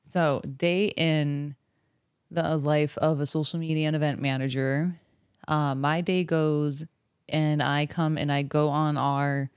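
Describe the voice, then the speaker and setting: A woman's voice: slow pace, clear, resonant tone, no room sound, clean studio sound. A young woman with a Milwaukee accent, chatting as an interview guest and acting out quotes with laughs. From South Milwaukee, Wisconsin. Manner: animated, acts out quotes in high voices, laughs often. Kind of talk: casual interview chat.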